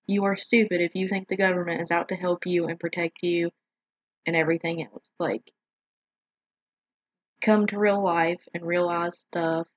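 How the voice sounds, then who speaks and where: Woman giving blunt opinions in a casual chat, lots of "like", lowish voice, muffled recording. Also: level tone, moderate pace, pauses often, no room sound. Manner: frank, opinionated, says "like" often. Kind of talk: casual discussion.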